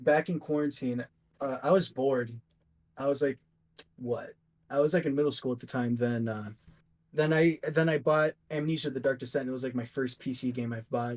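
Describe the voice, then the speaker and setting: A man's voice: mid-range voice, a little mellow. A young man, a guest artist, chatting casually in a rambling, upbeat way with lots of fillers. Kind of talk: casual chat.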